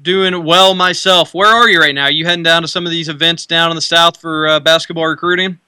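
Bright-voiced young radio sports host. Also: male voice, fairly high pitch, a little fast, clean tone, no echo. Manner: relaxed, chatty, many fillers and restarts. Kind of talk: casual sports radio talk. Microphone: studio mic.

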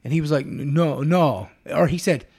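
Podcast co-host, male, 30s, casual storyteller, brash, slightly raised pitch. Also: moderate pace, gravelly, breathy edge. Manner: animated storytelling, acting out quotes, profane. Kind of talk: casual chat.

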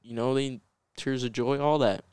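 A man's voice: mid-range voice, fairly even intonation, normal speed, darkish tone, clear, resonant tone, dry recording, clean studio sound. A man guesting on a podcast in casual chat, giving earnest, blunt opinions.

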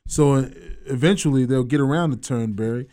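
A man's voice: medium pitch, brisk, mellow. A man hosting a sports talk radio show, joking loosely and laughing often.

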